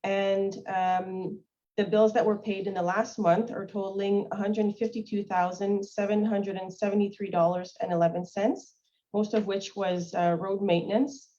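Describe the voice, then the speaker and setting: A woman's voice: medium pitch, little pitch movement, moderate pace, mellow. A woman presenting a financial report at a council meeting, reading figures in a matter-of-fact way with small hesitations. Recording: dull lo-fi livestream audio.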